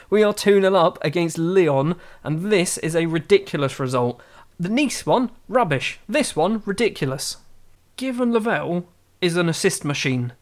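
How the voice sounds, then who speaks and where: A man giving chatty, self-mocking game commentary that gets excitable. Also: high-pitched, normal speed. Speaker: gaming YouTuber.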